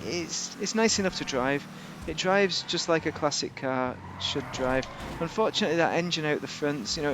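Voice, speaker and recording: Guy chatting over gameplay, rambly and jokey, mid pitched voice. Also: background noise. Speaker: game video host. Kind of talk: casual game car review commentary.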